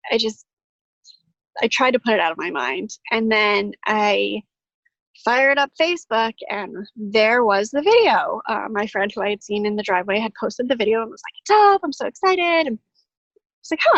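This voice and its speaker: Woman guest, higher voice, rambling self-deprecating storyteller, dry muffled call audio. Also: fairly bright tone, no echo. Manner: chatty, self-deprecating, many "like" fillers. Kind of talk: casual personal storytelling. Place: her home greenhouse.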